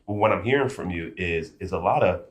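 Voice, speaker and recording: A man's voice: sits low, animated, brisk. A male podcast host reflecting emphatically and acting out people's complaints in a motivational interview chat. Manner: emphatic, builds up energy when acting out scenarios.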